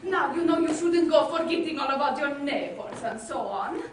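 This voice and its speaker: A woman's voice: sits high, moderate pace, natural voice. A woman acting a gushing, fussy middle-aged landowner mother on stage, showering endearments in a theatrical manner. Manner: effusive, theatrical, doting endearments. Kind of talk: amateur stage play. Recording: echoey hall from far off, some noise.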